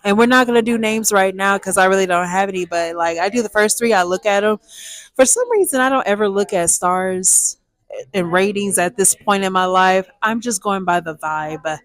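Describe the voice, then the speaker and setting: A young woman, telling a personal story to viewers in a lively, chatty way. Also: mid-range voice, normal speed, no room sound. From Texas, USA. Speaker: storytime vlogger.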